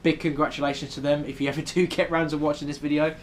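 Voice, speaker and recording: A man's voice: fairly high pitch, flat delivery, fast, a little hiss or hum. A young man with a British accent, chatting casually in a travel vlog with lots of ums. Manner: chatty, many ums, rambling. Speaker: vlogger. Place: hotel room in New York City.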